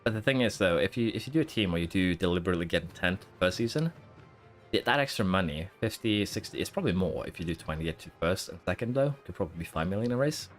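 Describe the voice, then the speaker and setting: Low-voiced man rambling through a live game stream. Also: animated, fast, soft background music. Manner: rambling, thinking aloud with many fillers and restarts. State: hiccuping and holding them in. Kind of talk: casual live-stream commentary.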